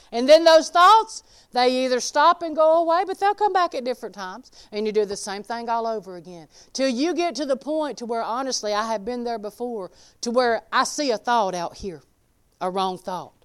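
A woman preaching a sermon in a folksy, emphatic way, swinging between loud exclaiming and quiet asides. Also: fairly high pitch, expressive, normal speed, clean tone.

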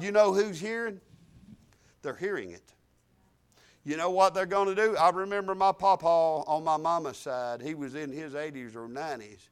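An older man preaching a sermon, telling folksy stories and swinging between quiet asides and loud, emphatic declarations. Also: fairly high pitch, expressive, normal speed.

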